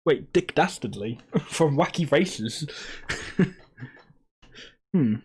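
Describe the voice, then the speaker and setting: A man's voice: a little high, lively intonation, takes it slowly, long pauses, darkish tone, slightly rough. A man streaming a puzzle game, chatting casually with rambling, sweary jokes and asides. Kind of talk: casual let's-play commentary.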